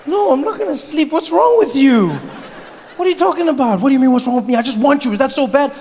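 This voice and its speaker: A comedian puts on a pushy, petulant boyfriend who whines in a raised, strained voice and breaks into shouts. The voice rings through a long hall reverb over a live crowd. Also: male voice, very high-pitched, animated, quick pace, a little hiss or hum, voice pushed up. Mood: whining. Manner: whining, shouting complaints. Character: whiny pushy horny boyfriend, adult man. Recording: echoey hall with audience.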